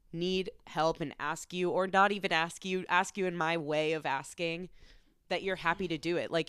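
A woman's voice: deep voice, a bit bright, clean tone, no room sound, clean studio sound. A woman co-hosting a casual podcast, speaking candidly and confessionally with loose phrasing. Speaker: podcast co-host. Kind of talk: casual chat.

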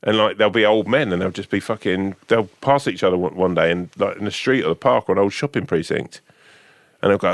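A man's voice: sits low, brisk, dry recording, studio quality. A man co-hosting a podcast, telling long, jokey, rambling stories and swearing casually. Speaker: podcast co-host. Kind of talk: casual chat.

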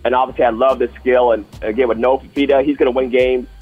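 A man co-hosting a casual sports talk show, piling up details with gusto. His voice is husky and a little breathy. The audio is dull and muffled, with faint music underneath. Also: medium pitch, flat delivery, quick pace. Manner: enthusiastic, storytelling. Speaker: co-host.

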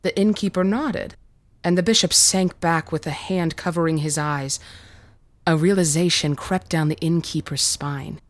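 A woman reading a scripted horror story in a measured, vivid storytelling manner. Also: low voice. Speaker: narrator.

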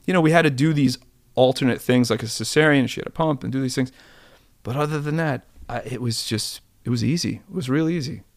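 A man in his forties, a podcast guest, chatting casually and telling rambling, animated stories with many restarts. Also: mid-range voice, fast talker, no room sound. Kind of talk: casual interview chat.

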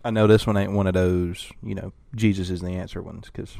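A man's voice: low-pitched, level tone, brisk, creaky, mellow, no echo. A man co-hosting a casual podcast, reacting candidly with amusement. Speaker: podcast co-host. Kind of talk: casual chat.

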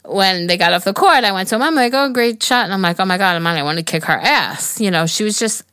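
A woman's voice: mid-range voice, fast, smooth, no room sound, studio quality. A woman in her forties co-hosting a podcast, telling a story with lots of swearing and acted-out quotes. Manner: animated storytelling, swears freely, acts out quotes. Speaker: podcast co-host. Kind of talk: casual chat, telling a story.

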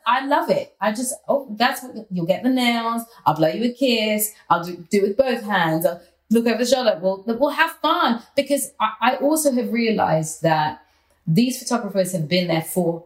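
A woman guest in a casual interview, telling stories in a playful, animated way. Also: on the high side, moderate pace, echoey room, poor audio.

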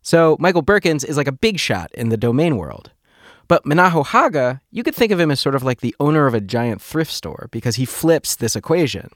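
A man hosting a podcast, explaining a story to his co-host in a deliberate, measured way. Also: mid-range voice, sing-song, no room sound, studio quality.

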